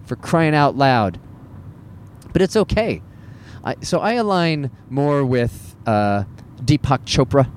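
A man's voice: mid-range voice, sing-song, slow, pauses often, slight background noise. A man who works as a stand-up comedian, talking in a casual, self-deprecating monologue with wry laughs.

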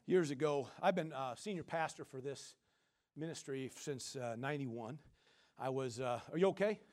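A middle-aged man preaching a sermon as senior pastor, swinging between loud, animated bursts and quiet asides while calling out to the congregation. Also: medium pitch, normal speed. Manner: calls out to the congregation.

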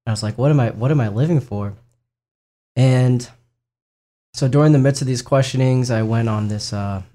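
A man's voice: mid-range voice, dark tone. A young man sharing a personal faith testimony in a casual, earnest way, with frequent fillers and restarts. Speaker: speaker sharing his faith and vocation story.

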